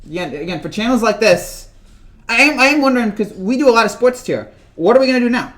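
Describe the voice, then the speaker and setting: A man's voice: very high-pitched, expressive, fast talker, a bit bright. A man vlogging about sports in a casual rant, rambling and joking and often repeating himself.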